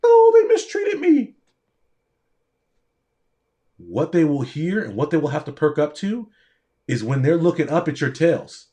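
A man's voice: a little high, animated, normal speed, a little mellow, lo-fi sound. A man, a doctor and pre-med coach, giving a motivational speech straight to his audience with a preaching, repetitive cadence.

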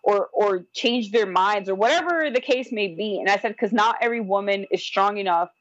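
A woman's voice: medium pitch, brisk, no room sound, highs cut off. Woman animatedly telling her story. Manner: animated, acts out quoted voices, frequent "like". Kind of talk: casual storytelling.

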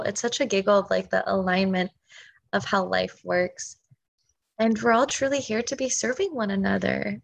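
A woman hosting a casual podcast chat as a spiritual business coach, gushing and emphatic, breaking into animated outbursts. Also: medium pitch, creaky. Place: home, with a dog running around.

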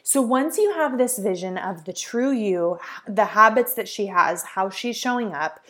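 A woman's voice: medium pitch, lively intonation, measured pace, a bit bright. A young woman, a life coach, hosting a solo podcast in an earnest, encouraging way with plenty of "like" and "um" fillers.

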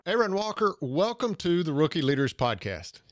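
A man's voice: fairly high pitch, big pitch swings, moderate pace, heavy background noise. A man with a Southern US accent from Georgia, hosting a podcast interview in an earnest way and often restarting his phrases. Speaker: podcast host.

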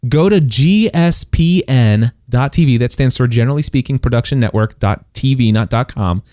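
A middle-aged man tells a personal story in a loose, conversational way, stumbling over restarts and breaking into laughs. His voice is mellow and mid-pitched. The sound is close and dry. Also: normal speed, no room sound. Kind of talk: casual testimony chat.

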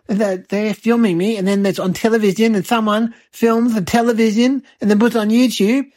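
Woman doing a cheeky eight-year-old boy, high-ish and rambling, dry close sound. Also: no room sound. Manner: rambling, breathless, childlike exaggeration. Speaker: host. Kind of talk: comic storytelling monologue.

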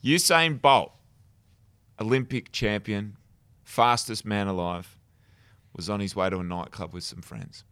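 Bright-voiced, cheeky Australian man. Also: lowish voice, unhurried, pauses often, clean tone, no room sound, studio quality. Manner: cheeky joke-telling. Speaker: podcast co-host. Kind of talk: casual chat.

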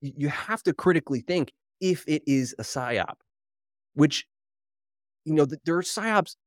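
A male podcast host giving solo commentary, reading headlines aloud with wry, animated disbelief and sounding slightly out of breath from caffeine. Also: on the high side, a little slow, no room sound, clean studio sound.

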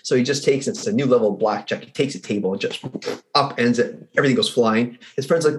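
A man who works as a results coach, a guest on a podcast, telling stories in a lively way and acting out the people in them. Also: medium pitch, fast. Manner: animated storyteller who acts out the people in his stories. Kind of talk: casual conversation with storytelling.

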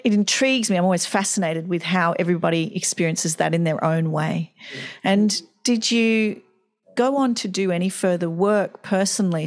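A woman hosting a conversational interview, asking reflective, thoughtful questions. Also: on the low side. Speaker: host.

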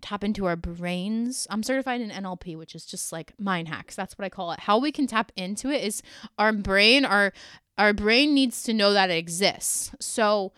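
A woman's voice: medium pitch, expressive, moderate pace, fairly bright tone, clean tone, dry recording, studio quality. A woman hosting a solo podcast episode, speaking to listeners in an earnest, emotional, encouraging way. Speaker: podcast host and energy coach.

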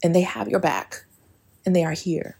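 Husky, mellow-voiced woman podcaster. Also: fairly low pitch, steady tone, moderate pace. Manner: emphatic, profane, breaks into singing song lyrics. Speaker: podcast host. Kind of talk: casual spiritual podcast monologue.

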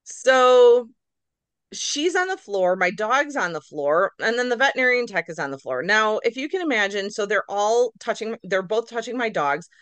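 A middle-aged woman, a nurse practitioner, telling her story as a podcast guest in a lively, casual way, acting out her own reactions. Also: mid-range voice, normal speed, clear, resonant tone, dry recording. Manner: animated, acts out her own reactions in quotes.

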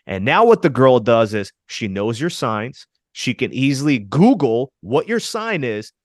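A man with a mid-range voice gives dating advice on a podcast with emphatic, coaching energy. He often calls his listeners fellas. The sound is dry and close, with no room echo. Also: medium pitch. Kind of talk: casual podcast chat.

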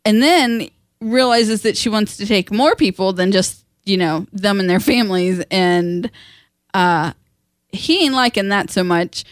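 A woman's voice: medium pitch, no room sound. Woman going over a book chapter at home, chatty, does little voices for the characters, dry close sound. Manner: chatty, retells scenes with quick quoted voices, laughs often. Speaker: book discussion co-host. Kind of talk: casual chat.

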